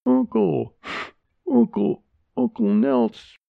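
A man voicing a frightened little girl who cries and wonders, in a high, wavering voice, as he reads a story aloud. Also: huge pitch swings, unhurried, slightly rough, no room sound, heavily acted. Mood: sobbing. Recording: dry, tinny phone-like sound.

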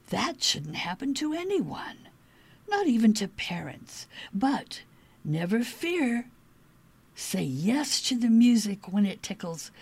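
Slow, breathy woman reading children's verse. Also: mid-range voice, a little mellow. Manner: unhurried and playful, with dips into whispers.

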